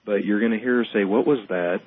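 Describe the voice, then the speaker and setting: A man with a low, husky voice speaks as a guest investigator. He explains things calmly and at a measured pace. His voice is dry and tinny, like it is coming over a phone line. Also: dry recording. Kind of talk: casual radio talk.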